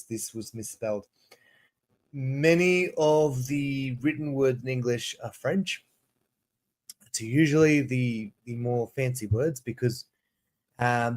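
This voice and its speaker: A man teaching English on a casual livestream, chatty and rambling, often restarting and repeating words. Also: mid-range voice. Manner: drawn-out word drills. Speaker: ESL teacher.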